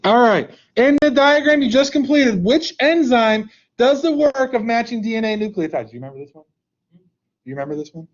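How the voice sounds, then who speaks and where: A man's voice: very high voice, animated, fairly quick, muffled recording. A male teacher leading a live online class in a playful, joking way, coaxing students to answer, over a computer mic on a video call.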